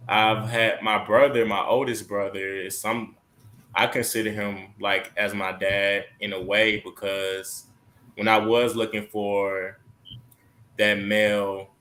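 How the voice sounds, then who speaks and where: Low-voiced reflective man. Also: level tone, slow pace, sharp tone. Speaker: panel guest. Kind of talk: casual panel chat.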